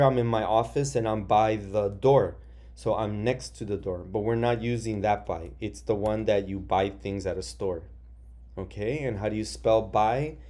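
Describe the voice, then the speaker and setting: A male teacher giving a recorded phonics lesson to young children from his office, patient and slow, spelling words out letter by letter. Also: lowish voice, mellow.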